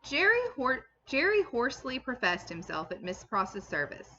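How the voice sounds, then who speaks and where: A woman's voice: on the high side, huge pitch swings, a little slow, sharp tone, dull audio, slight background noise. A woman English teacher reading a classic novel aloud and stopping to explain it to her students in plain terms, with a few ums.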